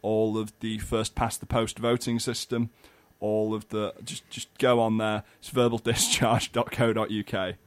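A man with a northern English accent co-hosting a comedy podcast, given to loud mock-outraged rants. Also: lowish voice, flat delivery, measured pace, hardly any pauses, no room sound. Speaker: podcast co-host. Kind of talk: casual comedy chat.

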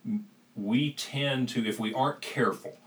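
A man's voice: medium pitch, moderate pace, distant mic, low-quality recording. A man talking as a guest on a podcast, earnest and reflective, a little rambling. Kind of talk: podcast conversation.

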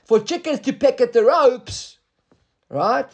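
A man's voice: very high-pitched, slow pace. A man teaching a Talmud class, explaining step by step and often checking with "right?", mixing English with Hebrew and Aramaic terms.

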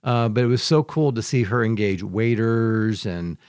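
Male host, low-pitched, dry close sound, playful and chatty. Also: moderate pace, smooth, no echo. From Michigan, United States. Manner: lively, joking storyteller. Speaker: podcast host. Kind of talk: casual conversation.

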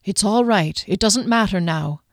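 A woman voicing a steady, kind young man who speaks calmly and soothingly. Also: mid-range voice, unhurried, no room sound, studio quality, close to an everyday voice. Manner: calm, soothing.

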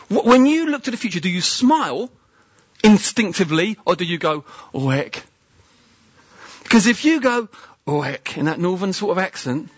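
Male preacher, husky voice, conversational sermon, keeps asking listeners questions, dry sound. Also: high-pitched, no room sound, highs cut off. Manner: chatty, asks the listeners questions.

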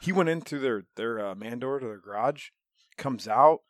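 Midwestern man, animated and profane storyteller, average pitch, recorded dry. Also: normal speed, no room sound. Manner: animated storyteller, swears a lot, laughs often. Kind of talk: casual podcast chat.

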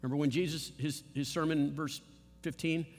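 A man preaching a sermon with a slightly high voice, animated and conversational, throwing rhetorical questions at his listeners. His voice carries a long reverb from a large sanctuary. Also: moderate pace, soft background music. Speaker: pastor.

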